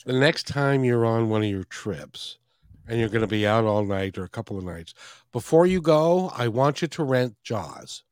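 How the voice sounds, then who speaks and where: A man hosting a podcast interview, asking questions and stumbling over his words now and then. His voice sits at a middle pitch and sounds dry, with no room around it. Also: lively intonation, normal speed, darkish tone, no echo. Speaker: host. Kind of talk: casual interview chat.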